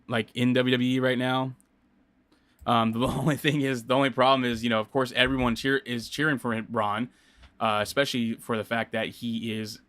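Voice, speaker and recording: A man rambles through his own solo podcast in a casual, unscripted way, stopping and restarting his sentences often. His voice is smooth and clear at a middling pitch. The sound is dry and close, with no room echo. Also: fairly bright tone. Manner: rambling, many fillers and restarts. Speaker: podcast host. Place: home studio.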